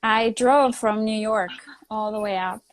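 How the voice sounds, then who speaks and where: A woman with an Italian accent, a native Italian speaker, chatting as a guest, telling lively stories and laughing often. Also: medium pitch, a little slow, no echo. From Italy. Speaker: guest actor. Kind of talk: casual chat. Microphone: phone on a live video stream.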